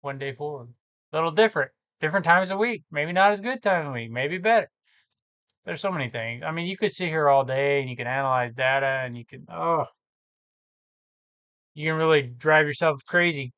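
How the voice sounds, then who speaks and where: Bright-voiced man talking through his numbers. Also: on the high side, normal speed, clean tone, dry recording. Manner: thinks aloud, muttering numbers, self-correcting. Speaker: reseller vlogger. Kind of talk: casual screen-share walkthrough.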